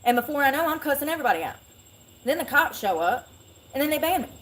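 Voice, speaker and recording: A woman's voice: sits high, sing-song, quick pace, a bit bright. Indignant ranting woman on a phone. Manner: indignant, aggrieved, rambling. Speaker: live streamer. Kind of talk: ranting vlog monologue. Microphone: phone held for self-filming.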